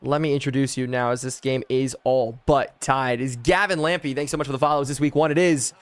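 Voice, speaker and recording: A young man live-streaming a football video game, calling plays and thanking chat, excitable and loud on big plays. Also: mid-range voice, fairly quick, clean tone, no room sound.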